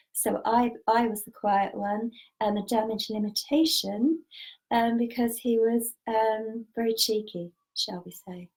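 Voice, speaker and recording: A woman, a spiritual teacher telling personal stories and giving guidance in a calm, measured, earnest way. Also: medium pitch, poor audio. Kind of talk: spiritual storytelling talk.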